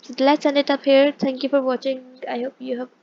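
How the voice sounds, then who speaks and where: Higher-voiced woman teaching a language lesson. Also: level tone, brisk, creaky, highs cut off. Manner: explains patiently, with frequent restarts and check-ins. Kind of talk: casual online lesson explaining pronunciation.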